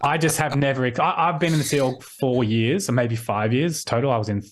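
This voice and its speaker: An Australian man talks as a guest in a relaxed video-call interview. He rambles, restarting his sentences and leaning on filler words. His voice sits at a middling pitch. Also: brisk. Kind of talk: casual conversational interview.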